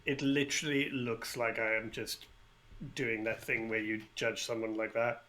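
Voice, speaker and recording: A man's voice: mid-range voice, little pitch movement, moderate pace, bright, forceful tone. A man player chatting casually and with amusement at a tabletop game. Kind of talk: casual chat.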